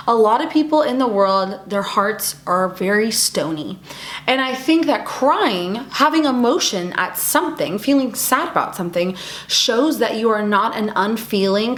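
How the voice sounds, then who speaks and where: A woman's voice: medium pitch, reverberant. A young adult woman talking to camera in a casual, earnest and encouraging way, repeating words for emphasis. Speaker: women's event speaker and video creator.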